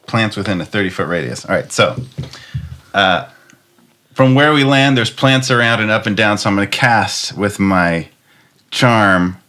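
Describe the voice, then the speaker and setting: A man with a low but bright, forceful voice, playing a tabletop game. He talks in a chatty, apologetic way, working through rules out loud. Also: a little slow. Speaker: player.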